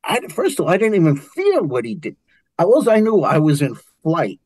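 A fairly high-voiced older man talks briskly with a New York accent, telling martial arts stories in a storytelling interview where he's the guest. He's animated and acts out quotes, and there's no room sound.

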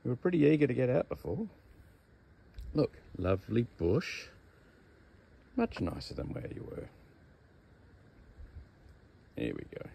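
A man's voice: medium pitch, wildly swooping pitch, a little slow, gravelly, long pauses, warm tone, slight background noise. An Australian man chatting casually outdoors as he releases a snake, teasing it in a laid-back way. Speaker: snake catcher. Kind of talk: casual outdoor vlog narration. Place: outdoors among bushes.

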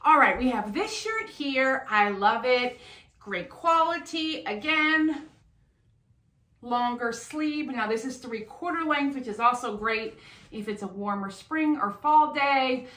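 A middle-aged woman chatting casually at home, unhurried as she describes clothes she is trying on. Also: high voice, lively intonation, fairly bright tone, reverberant. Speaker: fashion vlogger. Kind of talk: casual try-on haul chat.

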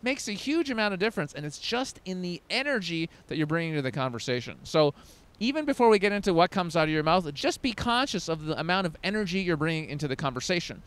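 Man, 30s, dating coach, emphatic, animated pitch, smooth voice. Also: quick pace. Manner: emphatic, swings into loud demos. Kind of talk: energetic coaching talk to camera.

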